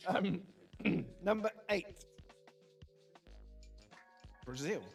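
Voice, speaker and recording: A man runs a quiz in a relaxed, joking way and laughs often. His voice sits a little high. Faint music plays behind him. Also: drawn-out words, creaky, slightly rough. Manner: jokey and playful, laughs often. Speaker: quiz host. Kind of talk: casual quiz chat.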